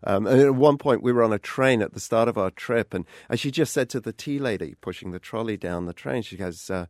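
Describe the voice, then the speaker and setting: A British man reporting a radio news feature, chatty and quick to laugh. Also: fairly low pitch, no echo, studio quality.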